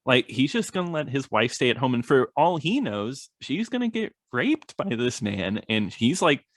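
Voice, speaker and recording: A man co-hosting a casual film podcast, chatty and quick to agree, with many filler words. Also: mid-range voice, very animated, no room sound, clean studio sound. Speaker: podcast co-host.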